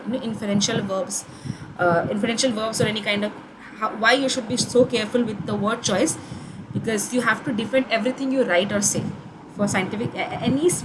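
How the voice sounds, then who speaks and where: A woman's voice: on the high side, noisy background. A young woman with an Indian English accent, giving an online course tutorial in a conversational way, with many fillers and restarts.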